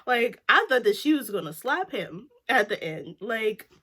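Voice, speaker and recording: A woman giving a casual reaction chat on a TV show, filling her sentences with "like". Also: slightly rough. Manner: chatty, fills every pause with "like"; lively, jumps up in pitch when reacting. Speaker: vlogger reviewing a TV show.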